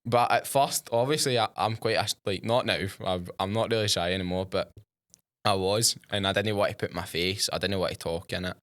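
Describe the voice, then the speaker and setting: A man's voice: sits low, a bit bright, no room sound, clean studio sound. A young man with a Scottish accent, telling stories as a guest on a casual chat podcast, chatty and slangy. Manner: chatty storyteller, quick laughs, slangy. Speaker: guest, chip shop worker and TikTok creator.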